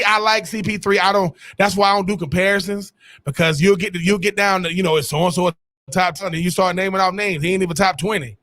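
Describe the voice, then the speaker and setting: High, bright-voiced rambling sports talker. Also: male voice. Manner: rambling, restarts often, Southern-tinged slang. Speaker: sports podcast co-host. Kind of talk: casual sports debate.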